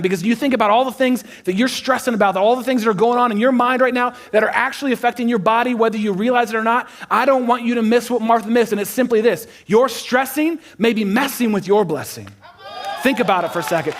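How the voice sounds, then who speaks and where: A man preaching from a church stage to the congregation, his voice sitting notably high for a man. He builds energy by repeating phrases and pushes some lines up to near-shouts. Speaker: pastor. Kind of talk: sermon. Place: church auditorium before a congregation.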